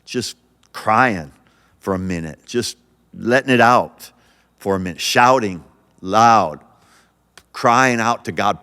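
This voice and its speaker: A man's voice: mid-range voice, a bit bright, big-room sound. A male pastor hosting a podcast, talking earnestly and encouragingly, often restarting his sentences. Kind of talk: podcast sermon.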